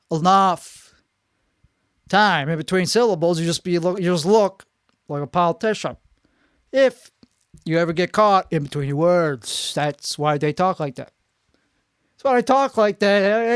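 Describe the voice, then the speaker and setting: His high voice comes across smooth, recorded with clean studio sound, no room sound, and two microphones up close. The podcast host rambles through a comic monologue, slipping in and out of a put-on frantic Chicago-style accent and cutting off his own thoughts.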